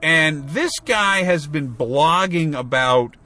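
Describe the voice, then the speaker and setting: Speaking slowly but animatedly, this man has a fairly high, sharp-toned voice. He co-hosts a podcast, chatting casually and rambling with frequent fillers and restarts.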